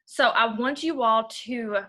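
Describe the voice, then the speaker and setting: A woman's voice: a little high, measured pace, sharp tone. A young woman, giving a rambling, blunt motivational training talk to her team. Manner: rambling, blunt, uses y'all.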